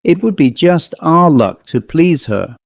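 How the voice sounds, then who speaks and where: A man reading aloud and voicing an excitable, petulant young spinster woman in a high, fussy manner. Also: unhurried, dry recording. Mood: tearful. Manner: high, fussy, breathless delivery.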